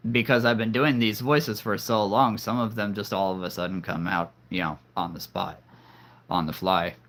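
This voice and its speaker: A man's voice: lowish voice, fairly even intonation, moderate pace, fairly bright tone. A man hosting a live stream in casual chat, rambling and talkative, with many fillers and restarts.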